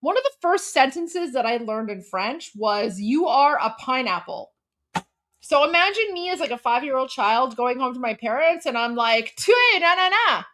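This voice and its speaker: A young woman, telling a story in a casual livestream chat, animated and filler-heavy. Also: high voice, normal speed. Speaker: livestream host.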